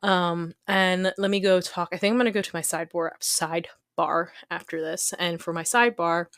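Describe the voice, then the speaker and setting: A woman's voice: on the low side, level tone, moderate pace, a bit bright, dry recording, clean studio sound. A woman hosting a casual plan-with-me video, chatting in a rambling way with lots of ums and likes. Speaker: planner YouTuber.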